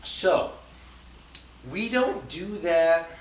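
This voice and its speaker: A man's voice: high-pitched, expressive, drawn-out words. Man, teacher, casual classroom lecture, recorded from across a roomy hall, slight hiss. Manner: conversational, with frequent fillers and rhetorical checks. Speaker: language teacher. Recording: echoey classroom from far off, faint hiss.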